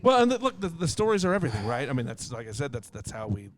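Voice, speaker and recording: A man's voice: mid-range voice, sing-song, quick pace. A man hosting a beer podcast in casual chat, enthusiastic and affirming, often repeating himself. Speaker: podcast host.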